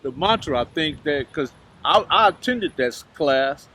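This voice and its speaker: A man hosting an interview, recalling things in a halting way and searching for his words. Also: fairly high pitch, expressive, pushed and bright. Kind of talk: casual interview chat.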